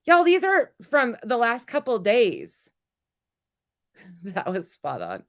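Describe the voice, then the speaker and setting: A woman hosting a casual commentary stream, blunt and sarcastic, sounding a little sick, with a lower voice than usual. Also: huge pitch swings, slow pace, long pauses. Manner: blunt, sarcastic, laughs at her own jokes. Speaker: commentary host.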